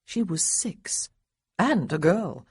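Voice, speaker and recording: Husky woman narrating an audiobook. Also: on the low side, takes it slowly, no echo, clean studio sound. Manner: expressive, voices the boys lightly. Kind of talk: scripted narration.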